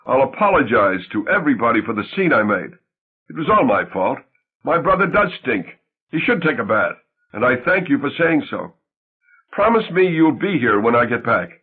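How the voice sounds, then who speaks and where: A man voicing an earnest, husky devoted husband. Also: mid-range voice, very animated, normal speed. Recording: tinny phone-like sound.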